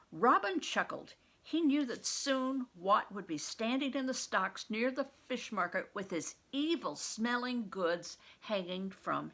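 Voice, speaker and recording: A woman's voice: mid-range voice, fairly bright tone. An older woman, a retired reading teacher, reading a storybook aloud and patiently stopping to explain words to children.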